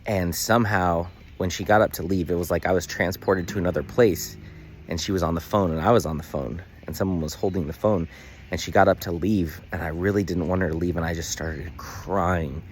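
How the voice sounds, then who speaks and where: Man, deep voice, earnest casual vlog, phone at arm's length, outdoors, faint background noise. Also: steady tone, brisk. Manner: earnest, emotional, many fillers. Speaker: vlogger. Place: outdoors in the sun.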